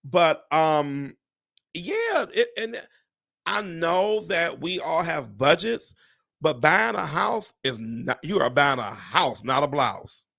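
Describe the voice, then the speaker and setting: A man hosting a casual live stream as a real estate agent, his voice sitting a little high and swooping all over as he talks. There is a gravelly rasp running under his words. He is loud in his reactions, swears freely and addresses viewers as "y'all". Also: slow pace. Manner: animated and exclamatory, swears and laughs often.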